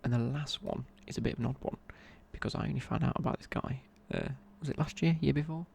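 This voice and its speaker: A man's voice: mid-range voice, fast talker, vocal fry, a little mellow, slightly rough. A young man telling a rambling casual story in a whispered ASMR chat. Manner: rambling, casual, many fillers and restarts. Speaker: ASMR creator.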